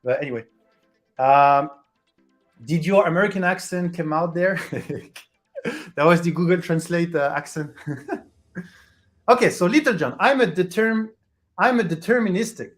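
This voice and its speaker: A host chatting casually with viewers on a livestream, halting and restarting while hunting for the right English word. The voice sits at a middling pitch, with soft music faintly underneath. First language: French. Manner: hesitant, searches for English words, restarts a lot.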